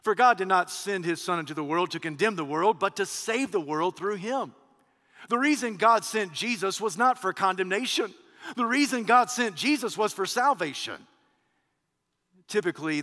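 A man preaching a sermon as pastor, driving his points home with repeated phrases and swinging from loud declarations to quiet, hushed lines. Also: sits high. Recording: long hall reverb.

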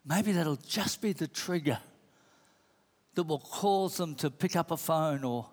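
A man's voice: on the high side, a little slow, pauses often. A man preaching a sermon, pressing the same questions again and again with emphasis. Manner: emphatic, repeats rhetorical questions. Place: church hall. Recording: long hall reverb.

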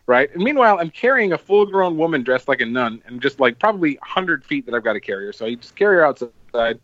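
A man casually telling a long, rambling story on a podcast. He swears a lot and acts out what people said with sudden jumps in pitch. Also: a bit bright, no room sound, highs cut off. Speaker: podcast host.

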